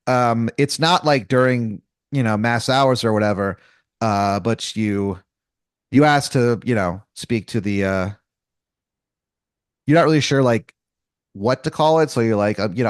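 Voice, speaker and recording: A man's voice: mid-range voice, measured pace, clean tone, dry recording, studio quality. A man running an improvised comedy story as game master, rambling and casual with lots of fillers, restarts and crude slang.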